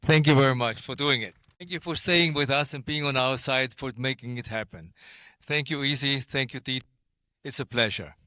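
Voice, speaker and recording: A man's voice: mid-range voice, moderate pace, bright, forceful tone, no echo. A man hosting a festival event, speaking effusively and thanking partners. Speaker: festival host. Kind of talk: speech at an event.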